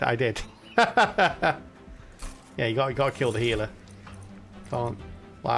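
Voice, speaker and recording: Gravelly British man streaming a game. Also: medium pitch. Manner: chatty, laughs often, talks to chat. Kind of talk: casual live-stream commentary.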